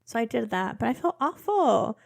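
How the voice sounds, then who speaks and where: Young woman, podcast co-host, chatty and expressive, fairly high voice, casual storytelling. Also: vocal fry. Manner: chatty, expressive, quick asides. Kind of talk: casual chat and true crime storytelling.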